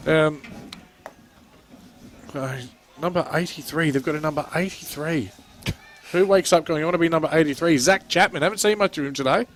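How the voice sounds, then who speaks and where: A man's voice: on the high side, moderate pace, long pauses. A man with an Australian accent calling a local football game play by play, chatty and jokey. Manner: chatty, jokey, excitable on goals. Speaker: play-by-play commentator. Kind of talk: amateur sports commentary.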